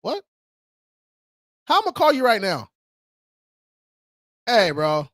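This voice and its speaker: A man's voice: high-pitched, wildly swooping pitch, measured pace, a bit bright, dry recording, clean studio sound. Hyped slangy man hosting a livestream. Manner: slangy and hyped, calls viewers bro. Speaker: credit repair livestream host. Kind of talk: casual livestream chat.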